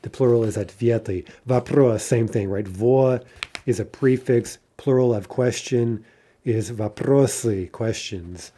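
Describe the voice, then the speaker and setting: A man's voice: mid-range voice, measured pace, mellow. A man teaching a recorded grammar lesson, explaining step by step and checking in with frequent asides and "right?". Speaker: language teacher.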